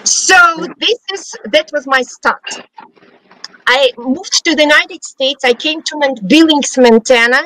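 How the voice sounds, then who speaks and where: Woman with a Russian accent, high voice, bright and tense tone, dry close sound, chatty guest who restarts sentences and laughs easily. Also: a little slow, no room sound, rough recording. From Russia, Siberia. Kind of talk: casual storytelling interview. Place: studio.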